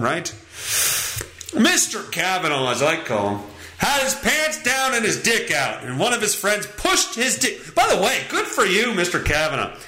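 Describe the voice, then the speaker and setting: A man with a high, bright, very lively voice hosting a podcast. He rambles through crude, profane comic riffs. The room around him sounds echoey. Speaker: podcast host. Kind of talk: casual comedic monologue.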